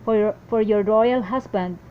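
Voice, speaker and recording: A woman reading a daily Bible passage aloud in a steady devotional style, with small slips and restarts. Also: medium pitch, moderate pace, muffled recording, slight background noise. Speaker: Bible reader.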